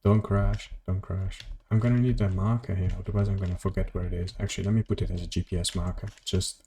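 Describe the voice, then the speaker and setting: A man's voice: low voice, little pitch movement, fast, mellow, a little hiss or hum. A man streaming a video game, rambling casually to his chat and swearing at mishaps. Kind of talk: casual gameplay commentary.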